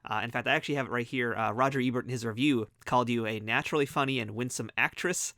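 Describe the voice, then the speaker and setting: Rapid, bright-voiced American male host, dry close sound. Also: mid-range voice, fairly even intonation, no echo. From United States. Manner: enthusiastic, rapid talker. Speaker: podcast host. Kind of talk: casual interview.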